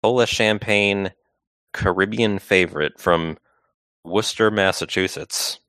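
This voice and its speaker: Laid-back podcast cohost guy, low voice, lots of uhs and likes, dry mic. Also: unhurried, no echo. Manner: relaxed, hesitant, with fillers. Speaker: podcast co-host and writer. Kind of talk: casual chat.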